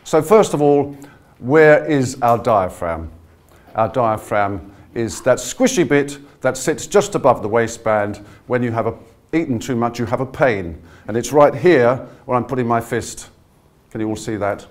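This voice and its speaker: A man leading a voice workshop, coaching a live audience through breathing exercises in an energetic, encouraging way. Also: mid-range voice, a little slow. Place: conference room with a live audience. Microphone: no handheld mic, projecting to the room.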